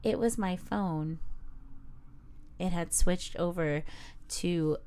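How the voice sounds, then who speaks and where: A woman co-hosting a casual podcast, telling stories in an animated way and swearing freely. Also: on the low side, takes it slowly, clear, resonant tone. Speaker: podcast co-host. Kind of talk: casual chat.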